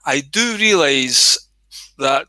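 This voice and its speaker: Bright-voiced Scottish man chatting on a livestream. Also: fairly high pitch, lively intonation, slow pace, dry recording. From Scotland. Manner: chatty, swears casually, greets viewers by name. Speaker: livestream host. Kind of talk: casual rambling livestream chat.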